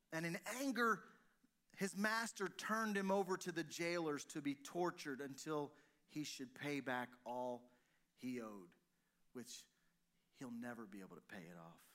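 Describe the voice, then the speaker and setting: A man's voice: sits high, unhurried, pushed and bright. A man preaching a sermon to his congregation, addressing listeners at home as well, often with rhetorical questions. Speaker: pastor. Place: church service, streamed to listeners at home.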